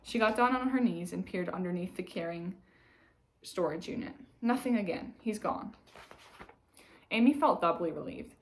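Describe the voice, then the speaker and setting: A woman reading a novel aloud in calm, even narration. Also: fairly low pitch, moderate pace, low-quality recording. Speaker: audiobook reader.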